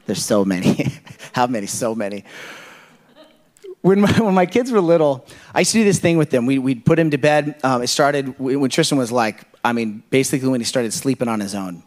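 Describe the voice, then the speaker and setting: A man's voice: mid-range voice, animated, brisk, darkish tone. A man in his thirties preaching to a church congregation, telling personal stories in a loose, conversational way full of asides and fillers. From Kenya. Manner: conversational, rambling storyteller with frequent "like" and "you know". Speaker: pastor. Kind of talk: sermon.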